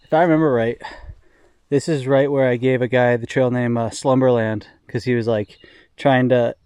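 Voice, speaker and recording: A man's voice: medium pitch, fairly even intonation, moderate pace, darkish tone, smooth, dry recording. A young man recording a casual trail diary outdoors by a river, rambling and self-deprecating, with lots of swearing and fillers. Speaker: thru-hiker vlogger. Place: outdoors by a river near a town.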